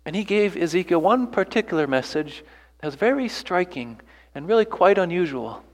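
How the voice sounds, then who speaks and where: A man's voice: high voice, lively intonation, normal speed, long reverb tail. A man preaching a sermon earnestly, pressing his listeners with rhetorical questions and repeated phrases. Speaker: pastor.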